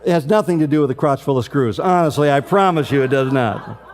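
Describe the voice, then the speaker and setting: A man in his sixties speaks fast in a mid-range voice as the emcee of an awards event. Deadpan and sharply timed, he tells a comic story about his family.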